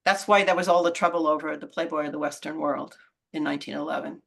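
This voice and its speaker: Low-voiced woman author explaining history. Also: fairly even intonation, fast talker, gravelly, fairly bright tone. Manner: thoughtful, explanatory, trails off mid-sentence. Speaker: author and guest. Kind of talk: conversational interview on a video call. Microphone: video call.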